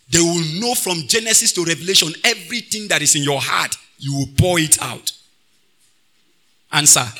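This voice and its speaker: A man preaching a sermon, swinging between loud bursts and quiet asides and slipping into pidgin phrases. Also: a little high.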